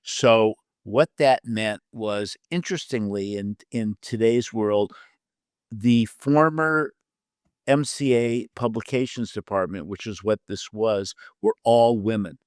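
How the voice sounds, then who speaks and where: Fairly low in pitch and slow, the older man speaks with a clean tone in a studio-quality recording free of echo. As a literary agent and producer interviewed as a guest, he relates anecdotes from his career, bringing the people in them to life by acting out their lines. His style is lively yet loose, with fillers and restarts.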